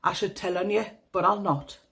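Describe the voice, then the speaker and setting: A woman's voice: medium pitch, steady tone, moderate pace, vocal fry, a bit bright. A woman with a Northeast English accent reading aloud a young girl's statement to the police, in a matter-of-fact voice. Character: young girl giving a flat police statement.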